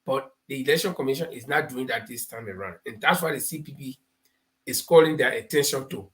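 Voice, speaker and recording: A medium-pitched, slightly bright male voice, a little fast, belongs to a Liberian English-accented host of a live talk show. He explains his political commentary with homespun parables and stories, laughing as he tells them.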